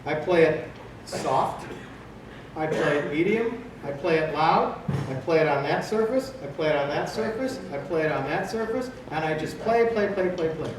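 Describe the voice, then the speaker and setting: In a big convention hall, a man in his fifties runs a live drum clinic, throwing questions at the crowd and answering them himself. His voice, high for a man, is expressive and at normal speed, picked up from a distance with heavy echo and clear background noise.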